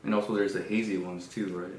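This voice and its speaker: A man in his thirties co-hosting a casual podcast, relaxed and agreeable with lots of fillers. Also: sits low, fast talker. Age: 30s. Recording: roomy echo with faint background noise.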